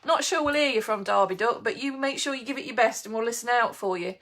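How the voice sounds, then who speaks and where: A woman's voice: on the high side, quick pace, fairly bright tone. A woman who runs a bakery shop, hosting a chatty live baking demo, reading out viewer comments and laughing easily. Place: home kitchen.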